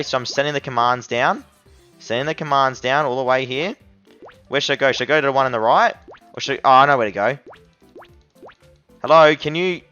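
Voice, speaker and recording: A young man with an ordinary mid-range voice chats casually to his audience as he reviews an app, calling them everyone and bro. He is excitable and quick to yelp at near misses. The recording is slightly muffled and lo-fi, with faint music playing underneath. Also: medium pitch. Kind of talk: casual gameplay commentary to viewers.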